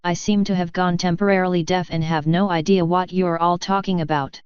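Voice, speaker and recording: A woman's voice: fairly low pitch, steady tone, a little fast, clear, resonant tone, dry recording, muffled recording, close to an everyday voice. A woman voicing a playful, teasing male guard captain in a fan fiction audiobook.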